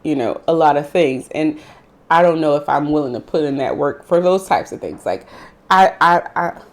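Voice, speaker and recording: A woman co-hosting a casual chat, sassy and animated, acting out quotes as she tells stories. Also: deep voice, moderate pace. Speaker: podcast co-host.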